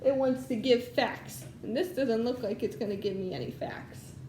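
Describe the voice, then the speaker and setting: A woman's voice: a little high, moderate pace, warm tone, roomy sound, a little hiss or hum. A woman teaching first grade in a recorded lesson, patiently explaining and reading a storybook aloud to young children.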